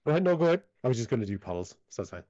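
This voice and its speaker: A man running a tabletop game as game master, easygoing and quick to affirm, explaining rules and describing the scene. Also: medium pitch, very animated, warm tone, no room sound. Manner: easygoing, affirming with repeated yeahs. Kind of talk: narrating and ruling a tabletop game. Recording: slightly dull lo-fi audio.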